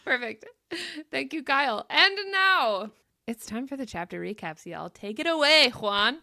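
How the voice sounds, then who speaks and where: A woman's voice: a little high, lively intonation, a little slow, gravelly, sharp tone, no echo, clean studio sound. A woman co-hosting a casual book podcast, chatty and giggly as she walks through names and terms. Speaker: podcast co-host. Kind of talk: casual podcast chat, reading a pronunciation guide.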